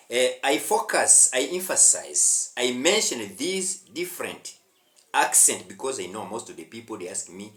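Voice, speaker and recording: A man's voice: mid-range voice, sing-song, moderate pace, a bit bright, reverberant. A man from Rwanda with a Rwandan accent, an English teacher giving a lesson straight to the viewer in a repetitive, preachy way with emphatic swells. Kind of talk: direct-to-camera English lesson.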